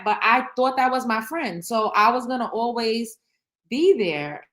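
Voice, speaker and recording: A woman's voice: on the high side, animated, unhurried, fairly bright tone. A woman hosting her own show, talking candidly to camera in an emotional, blunt way, swearing freely and rambling with restarts. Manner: rambling, many restarts and fillers. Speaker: show host. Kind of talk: candid reaction vlog.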